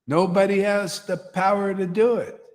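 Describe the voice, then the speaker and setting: Rambling high-voiced male preacher. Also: flat delivery, normal speed. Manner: rambling, slangy, repeats and stumbles. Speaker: spiritual teacher. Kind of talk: informal devotional sermon. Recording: long hall reverb.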